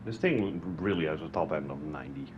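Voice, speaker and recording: A man's voice: a bass voice, animated, fairly quick, lo-fi sound, background noise. A man from the Netherlands joking dryly with friends during an online race. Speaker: gaming guest. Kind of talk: casual gaming chat.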